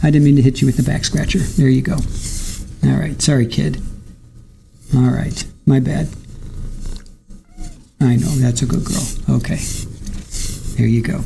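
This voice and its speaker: A man's voice: mid-range voice, flat delivery, a little slow, gravelly, long pauses, noisy background. A man hosting a live stream, recapping court testimony in a chatty way, reading viewer comments aloud and talking to his dog at home. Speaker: livestream trial commentator.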